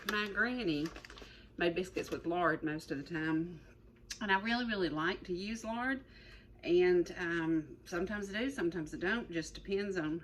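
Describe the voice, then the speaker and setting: A woman's voice: lowish voice, moderate pace, a little hiss or hum, low-quality recording. A middle-aged woman hosting a cooking show, chatty and rambling, repeating her words as she demonstrates. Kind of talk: folksy cooking demonstration chat.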